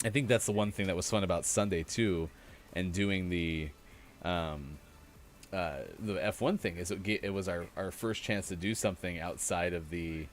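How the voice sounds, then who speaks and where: Male co-host, very low voice, laid-back wry banter, slight hiss behind. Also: moderate pace. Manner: relaxed, wry and chuckling, trails off. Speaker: morning show co-host. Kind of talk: casual morning show banter.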